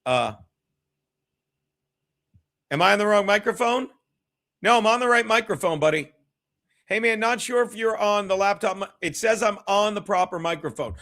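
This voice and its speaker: A man's voice: high-pitched, moderate pace, long pauses, fairly bright tone. A man hosting his own livestream, rambling and swearing casually as he chats with viewers from home. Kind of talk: casual solo livestream chat.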